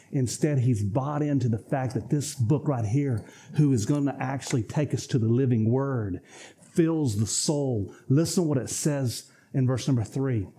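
A man's voice: mid-range voice, dark tone, husky. A man preaching a sermon, emphatic and repetitive, often addressing the congregation as folks. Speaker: pastor.

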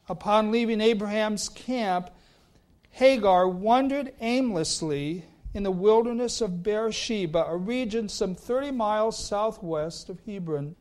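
Slow, high-voiced male preacher. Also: a little mellow. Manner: slow, deliberate, voice sinking low at phrase ends. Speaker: pastor. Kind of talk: sermon.

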